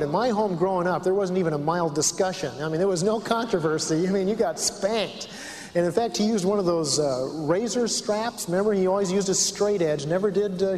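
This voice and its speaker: A man with a fairly high voice tells a personal story in sermon style, speaking earnestly and turning to the audience with questions. His words ring out with a long reverb, like a talk recorded live in a large hall. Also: darkish tone. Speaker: speaker on family and counseling.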